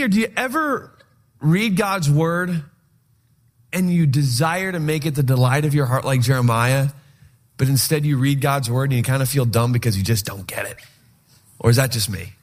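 Animated joking man preaching a sermon. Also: on the high side, moderate pace. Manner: animated, joking storyteller who acts out his own reactions. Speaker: pastor.

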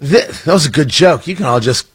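This morning radio host is a man with a fairly high, breathy-edged voice, speaking a little fast and with plenty of expression. Heard through a studio microphone, he keeps the chat casual, cracking wry jokes and cutting himself off mid-riff.

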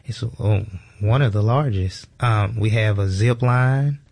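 A man's voice: lowish voice, a little slow, a little mellow. A man working as a museum educator, a guest on a radio interview who explains things in an easygoing way.

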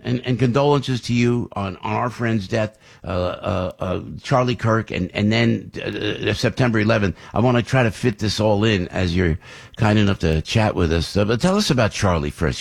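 An older man hosting talk radio, chatting in an effusive, rambling way full of jokes. His voice is gravelly and a little husky. His pitch rises and falls a lot as he talks. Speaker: radio host.

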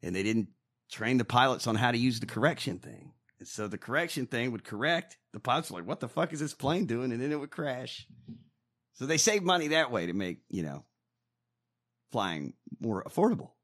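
A man's voice: medium pitch, sing-song, normal speed, a bit bright. A man co-hosting a casual chat show, ranting in mock outrage and swearing often. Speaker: podcast co-host. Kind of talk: profane comedic rant.

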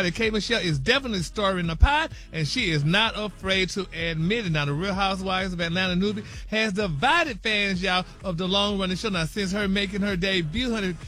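A man's voice: high-pitched, fairly bright tone. A man hosting a morning radio gossip segment, talking sassy and calling everyone honey, y'all and baby. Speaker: radio show host reading celebrity news.

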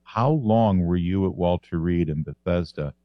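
Man, very low voice, gentle supportive interviewer, dull dry recording. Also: normal speed, no echo. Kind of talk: interview questions.

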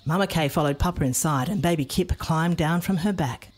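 A woman narrating a children's storybook in a playful, expressive way. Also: deep voice, fairly quick.

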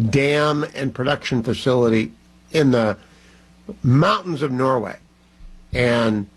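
A man's voice: mid-range voice, breathy edge, poor audio. A man hosting a talk radio show, telling a story in a conversational, digressive way with fillers and restarts. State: clearing his throat, slightly choked.

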